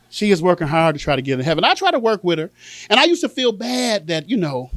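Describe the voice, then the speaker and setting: A man with a high, lively voice does stand-up, swinging up and down in pitch as he acts out his relatives. The sound is close and dry, with no room echo. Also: fairly quick. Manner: animated storytelling, acting out family members. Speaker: stand-up comedian. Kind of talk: stand-up comedy set.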